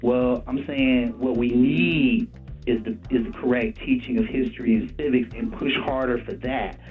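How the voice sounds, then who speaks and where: A man calling in to a radio show, making a measured, earnest argument. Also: mid-range voice, fairly even intonation. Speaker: caller. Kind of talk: call-in radio debate. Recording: phone line with music under it.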